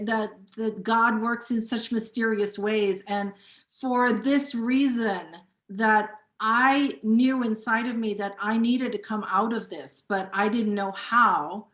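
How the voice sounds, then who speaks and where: A woman's voice: mid-range voice, fairly bright tone, reverberant. A woman in her forties giving an earnest, emphatic testimonial over a video call, often repeating herself for emphasis. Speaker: community member sharing a testimonial.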